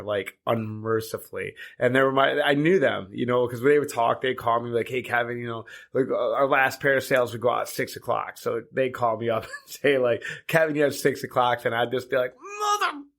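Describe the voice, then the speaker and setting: A man's voice: medium pitch, vocal fry, a bit bright. A man telling stories casually, rambling through with lots of fillers and laughing as he goes. He sounds like an easygoing host chatting with a friend. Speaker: boat charter captain and podcast host. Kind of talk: casual anecdotal storytelling.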